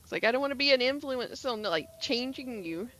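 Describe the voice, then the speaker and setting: Bright chatty Southern woman streamer. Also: a little high, animated, a little fast. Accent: Southern US (Georgia). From Atlanta area, Georgia, US. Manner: rambling, chatty, many fillers and restarts. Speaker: game streamer. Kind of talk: casual stream chat.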